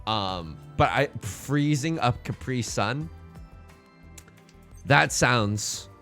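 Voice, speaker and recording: A man streaming live and chatting casually with his viewers while he plays. He sounds slightly hoarse and is excitable and self-mocking. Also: mid-range voice, extremely slow, faint music behind. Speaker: livestreamer.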